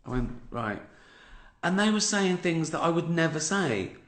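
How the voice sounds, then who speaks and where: Swearing freely, a fifty-something English comedian hosting a livestream tells a sardonic tale in a fairly bright, high-leaning voice with big pitch swings and normal speed. The audio is roomy home-stream sound from a phone or laptop mic.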